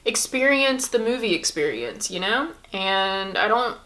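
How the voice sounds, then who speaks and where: A young woman in her twenties talks through her get-ready routine in a loose, rambling way, full of fillers and asides. Her pitch sits in a middle range. Faint noise runs under the camera-mounted mic. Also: animated, unhurried. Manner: chatty, rambling, lots of fillers. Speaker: beauty vlogger. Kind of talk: casual get-ready-with-me chat. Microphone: camera-mounted shotgun mic.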